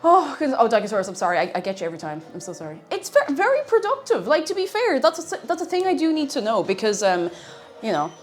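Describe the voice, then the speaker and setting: Soft music plays behind a fast, very animated woman whose voice is on the high side. Streaming live, she chats playfully with viewers, laughs a lot, and occasionally hums to herself.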